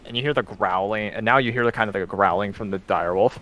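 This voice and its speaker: A man's voice: lowish voice, fast talker, a bit bright. Man narrating as game master.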